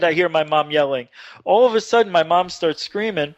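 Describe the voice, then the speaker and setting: Guy on an online radio show, fairly high voice, gets worked up telling his story, dull dry audio. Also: fairly quick, no echo. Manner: animated, excited retelling with rising voice. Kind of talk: casual storytelling on a talk show.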